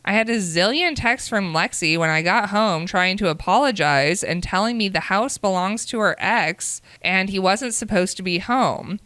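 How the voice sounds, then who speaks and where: A woman reads wild dating stories aloud to a co-host, slipping into little voices for the people in them. Her voice is bright and smooth, and it sounds close and dry, with no room behind it. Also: medium pitch, expressive, moderate pace, few pauses, no echo. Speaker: podcast co-host reading stories. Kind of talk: casual storytelling chat.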